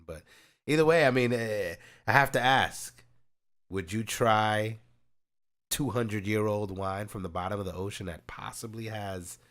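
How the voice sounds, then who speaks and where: A man's voice: low voice, fairly bright tone. A man co-hosting a casual podcast, loose and profane, often trailing off mid-sentence. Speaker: podcast co-host. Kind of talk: casual chat.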